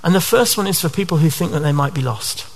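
A male preacher delivers a sermon with earnest conviction. His voice sits slightly above the usual male pitch, and he keeps drawing the listeners in with rhetorical questions. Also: expressive, quick pace, creaky.

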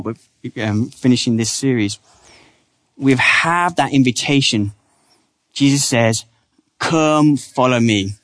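Earnest man preaching a sermon. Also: medium pitch. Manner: earnest, conversational, slows down for quotes. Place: church.

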